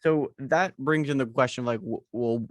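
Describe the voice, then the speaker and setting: A man's voice: medium pitch, moderate pace, no room sound. A man co-hosting a podcast in casual chat, rambling and hesitant with many fillers, talking over a video call. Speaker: podcast co-host.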